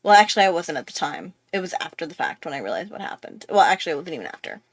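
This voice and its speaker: A young art YouTuber tells a long, rambling story in casual chat on her channel, speaking rapid-fire with a lowish voice and big swings in pitch. She's chatty and full of fillers and restarts, and there is no room sound.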